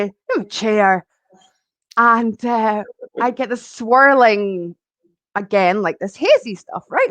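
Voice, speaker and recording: A woman in her forties speaks as an interview guest, recounting her life in a loose, rambling way with plenty of ums and likes. Her voice sits at a middling pitch and is recorded close and dry, with no room sound around it. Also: a bit bright, no echo, low-quality recording. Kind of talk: personal storytelling in conversation.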